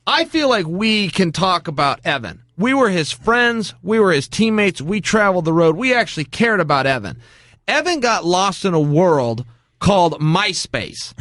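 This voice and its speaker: High-voiced man in emphatic chat. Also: sing-song, normal speed, fairly bright tone, no echo, clean studio sound. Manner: emphatic, addresses the audience. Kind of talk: casual chat.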